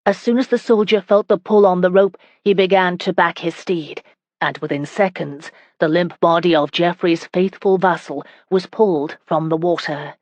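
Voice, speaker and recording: A woman narrating a historical romance audiobook in a steady, even reading. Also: lowish voice, moderate pace, no echo, lo-fi sound. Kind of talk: scripted narration.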